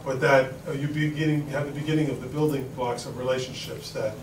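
Middle-aged Queens New Yorker giving a loose, filler-heavy talk to a crowd, roomy hall sound with steady background noise. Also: mid-range voice, fast. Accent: New York (Queens). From Queens, New York. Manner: rambling, folksy, with many fillers and restarts. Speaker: congressman speaking at a forum. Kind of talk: informal speech to an audience. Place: large event hall with an audience. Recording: echoey hall recorded from far off.

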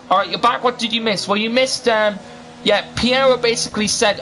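A man's voice: sits high, moderate pace, sharp tone, slight background noise. A man doing live sim racing commentary, chatty and rambling, often restarting his sentences. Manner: rambling, self-interrupting, chatty. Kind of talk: live esports race commentary.

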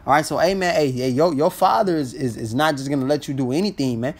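A man's voice: on the high side, fast talker, hardly any pauses. A man teaching scripture in a casual, blunt street style, ending almost every phrase with "man". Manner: blunt and profane when exhorting.

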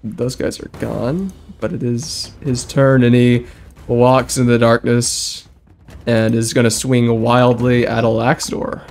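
A man acting as game master, calling turns and rolls with brisk rules calls and frequent laughs. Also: medium pitch, flat delivery, gravelly, darkish tone, faint music behind. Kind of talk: running a tabletop game.

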